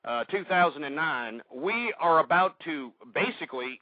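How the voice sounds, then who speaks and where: A man's voice: on the high side, expressive, normal speed, dry recording. A man hosting a call-in talk radio show, ranting abrasively and insulting his callers. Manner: abrasive, insulting, swearing rants. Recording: dull lo-fi internet radio.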